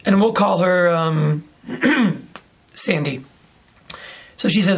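A male priest gives a homily in a relaxed, conversational way, telling a story and acting out both sides of the dialogue. The recording sounds slightly muffled and lo-fi. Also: high voice, measured pace, gravelly, pauses often, husky.

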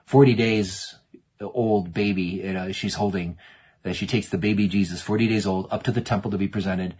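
A man's voice: on the low side, steady tone, normal speed, darkish tone, breathy edge. A man preaching a sermon in an earnest way, often repeating words as he restarts and acting out the quotes.

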